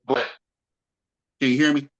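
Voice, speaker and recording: A man's voice: mid-range voice, level tone, a little slow, fairly bright tone. A man who owns a small business talks in a casual podcast conversation, emphatic and repetitive, leaning on "you know,". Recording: muffled lo-fi audio.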